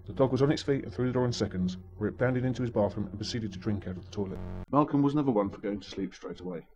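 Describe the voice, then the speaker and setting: A man's voice: on the low side, fast talker, darkish tone, lo-fi sound. A man narrating a story in a dry, wry manner.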